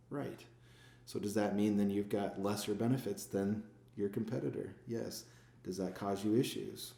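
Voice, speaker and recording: Deep-voiced former pastor, echoey room. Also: male voice, normal speed, vocal fry, warm tone. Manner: reflective, poses rhetorical questions and answers them. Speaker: sales manager and former pastor, guest. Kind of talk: casual podcast interview.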